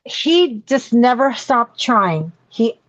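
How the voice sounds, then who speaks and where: A woman's voice: fairly high pitch, very animated, slow pace, fairly bright tone, highs cut off. A middle-aged woman telling a candid, emotional story as a podcast guest, with many fillers and restarts. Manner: rambling, emotional, full of fillers.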